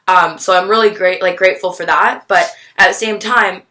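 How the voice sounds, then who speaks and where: A young woman vlogger telling a personal story to the camera, candid and halting, swearing freely. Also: on the low side, steady tone, sharp tone.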